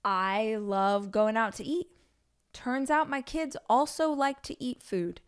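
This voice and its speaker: Her voice sits a little high and comes across smooth at a slow pace. She's a woman in her forties doing a solo podcast episode, telling frank, conversational family stories peppered with asides.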